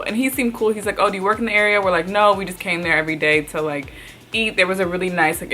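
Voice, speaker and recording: A woman vlogger telling a storytime, chatty and excitable, with lots of "like" and her voice jumping up at surprising moments. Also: on the low side. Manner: chatty, fills speech with "like"; excitable, voice jumps up when retelling surprise. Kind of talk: storytime recounting.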